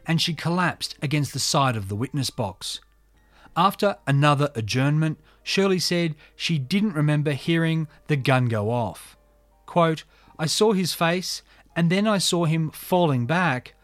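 A man narrating a true crime story, reading court testimony in a measured, subdued way. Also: fairly high pitch, dry recording.

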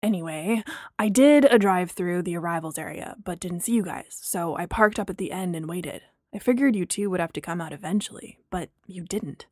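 A woman voicing a young man who jokes wryly and apologizes in a low-key way, in an audio drama reading. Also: normal speed, darkish tone, dry recording, clean studio sound, close to an everyday voice. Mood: explaining. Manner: sheepish, wry, low-key.

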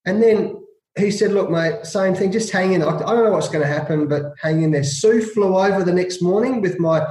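A middle-aged Australian man with a fairly high voice, recounting his cricket days with relish. He acts out the dialogue and laughs as he goes. His voice rings with a roomy echo. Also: brisk. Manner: lively anecdotal, acts out dialogue, laughs often. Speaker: guest, former test cricketer. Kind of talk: storytelling interview.

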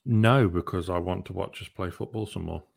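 Brief: young male football podcast host, playful, rambling, low-pitched. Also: normal speed, creaky, husky. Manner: chatty, hesitant with many ums, playful. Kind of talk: casual chat and interview hosting.

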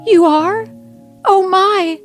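A woman voicing an overjoyed long-lost birth mother who talks in a high, breathless, gushing rush. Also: extremely slow, soft background music, heavily acted.

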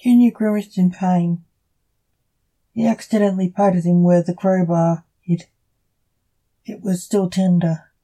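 A woman reading her own story aloud as storyteller, in a slow, even amateur reading. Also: lowish voice, low-quality recording.

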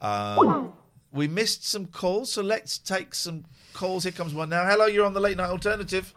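A man's voice: high voice, expressive, normal speed, fairly bright tone. A man hosting a late-night phone-in show, chatting casually, teasing callers and reading sponsor plugs. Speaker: radio phone-in host.

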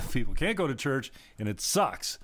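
Male commentary host, sarcastic heated rant, pitch leaping about, dry close sound. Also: sing-song, measured pace, a bit bright, dry recording. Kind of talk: ranting commentary over clips.

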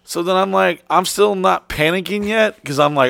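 Dude telling a filthy story, swears a ton, rambles, dry mic. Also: male voice, high-pitched, moderate pace, gravelly, fairly bright tone, no echo. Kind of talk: crude casual chat.

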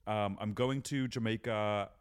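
A young man co-hosting a podcast, with a slightly low voice. He talks in a camp, playful way and keeps the banter going. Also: fairly even intonation, a little slow, smooth. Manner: camp, joking, chatty. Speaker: podcast co-host. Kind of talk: casual chat.

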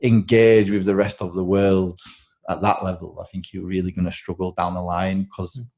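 A man holds forth on a podcast in a low voice. There is a gravelly, creaky texture to his talk. He is blunt and opinionated, and he often turns things into a joke. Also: little pitch movement, moderate pace, darkish tone. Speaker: podcast co-host. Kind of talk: casual podcast chat.

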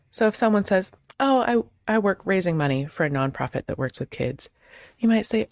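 A woman host in her thirties giving casual advice on conversation, acting out both sides of sample chats in quick changes of voice. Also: lowish voice, animated, no echo, clean studio sound. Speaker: podcast host; clergy.

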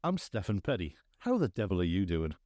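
A man's voice: deep voice, sing-song, a little fast, darkish tone, no echo, clean studio sound. A man co-hosting a podcast, casual and jokey, laughing often. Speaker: podcast co-host. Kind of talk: casual chat.

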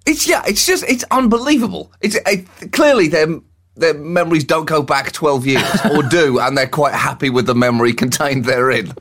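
A man's voice: fairly high pitch, moderate pace, a bit bright. A man co-hosting a satirical comedy podcast, mocking the news with sardonic remarks and frequent laughter. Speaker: co-host.

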